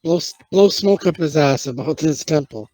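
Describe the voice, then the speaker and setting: A man's voice: on the high side, lively intonation, normal speed, a little mellow, no room sound, rough recording. A man playing a tabletop game, chiming in with suggestions for another player.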